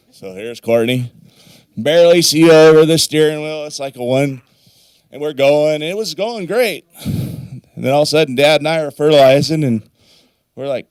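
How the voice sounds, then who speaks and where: A man's voice: on the high side, normal speed, pauses often, a little mellow, smooth, no echo, clean studio sound. A middle-aged man, the father of the bride, giving a rambling, folksy wedding toast and getting choked up now and then. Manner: rambling folksy storytelling, swears casually; emotional, voice wavers near tears. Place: wedding reception.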